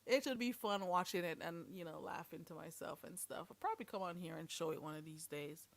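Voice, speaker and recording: A woman's voice: on the low side, a little fast, vocal fry. A woman hosting a livestream, giving blunt, sassy commentary and preachy advice. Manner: blunt, sassy, preachy, calls listeners "girl". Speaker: livestream host.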